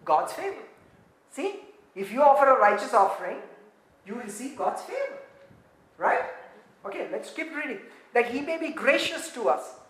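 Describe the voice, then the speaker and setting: A woman preaches with a high, bright-pitched voice, swinging from soft asides up to shouted lines and breaking into laughter along the way. Her voice rings around a roomy, echoing space. The delivery is lively and fervent. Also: moderate pace, pauses often. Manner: animated, building to shouts; laughs often while preaching. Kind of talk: sermon. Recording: roomy echo.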